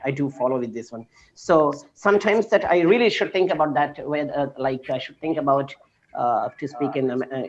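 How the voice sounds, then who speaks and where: A man's voice: on the high side, dull audio. A man who teaches English, chatting casually over a video call, hesitant and full of fillers and restarts.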